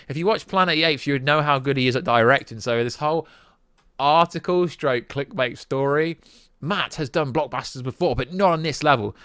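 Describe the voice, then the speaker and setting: A young British man hosting a casual film news vlog, sarcastic and animated, rambling as he debunks a story. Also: mid-range voice, a little fast, smooth, no echo, clean studio sound. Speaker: YouTube film news host.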